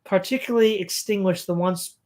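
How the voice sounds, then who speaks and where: An audiobook reader reading a political essay aloud at a steady pace, now and then stumbling over a word and correcting it. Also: mid-range voice, a little fast.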